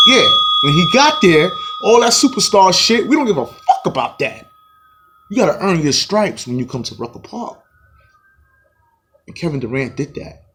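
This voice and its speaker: A man giving a profane, taunting basketball rant as a vlog host, with a husky voice. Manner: profane, boastful, taunting, swings loud and high. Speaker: sports vlogger.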